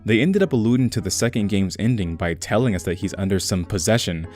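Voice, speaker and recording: A man's voice: lowish voice, animated, fast, a little mellow, soft background music. A young man hosting a comedic game retrospective, with a sarcastic, irreverent and profane manner. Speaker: video essay host.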